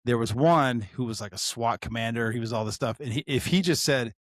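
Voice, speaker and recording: A man, a former deputy co-hosting a podcast, telling animated stories and laughing often. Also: mid-range voice, fairly quick, dry recording, studio quality. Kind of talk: casual storytelling chat.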